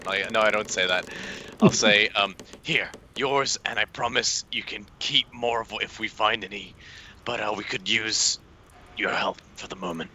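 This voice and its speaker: Bright-voiced man playing a tabletop game. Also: on the low side, measured pace, a little hiss or hum. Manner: earnest, playful, in-character speeches. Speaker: player. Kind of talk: tabletop role-play.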